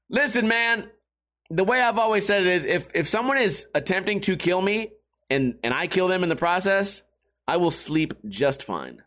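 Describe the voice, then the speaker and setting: A man with a high voice for a man, talking off the cuff to his viewers. He rambles and swears freely, bouncing between stories with animated energy. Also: moderate pace. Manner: profane, animated storytelling. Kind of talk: casual rambling chat.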